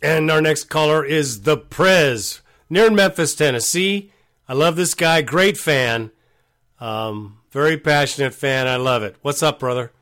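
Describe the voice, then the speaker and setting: A man's voice: on the high side, unhurried, a bit bright. A man hosting a call-in sports show, talking in a blunt, frank and casual way.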